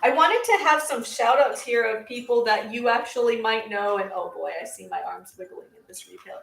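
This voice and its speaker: A woman's voice: on the high side, normal speed, vocal fry, fairly bright tone, echoey room, a little hiss or hum, rough recording. A woman co-hosting a podcast, chatting casually and reading out viewer comments in an upbeat way. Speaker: podcast co-host. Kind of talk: casual live-stream chat.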